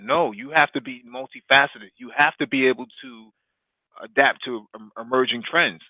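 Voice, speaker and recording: A man's voice: medium pitch, normal speed, no echo. A man co-hosting a casual podcast about economics and technology, explaining at length with many fillers and restarts. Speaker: podcast co-host. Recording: dry tinny phone-like line.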